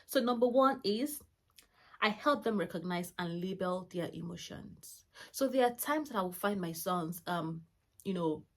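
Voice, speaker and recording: A woman of about forty with a lowish, expressive voice speaks a little slowly while hosting her own channel. She's a mother sharing parenting advice to camera, warm-hearted and chatty, rambling with lots of fillers and restarts.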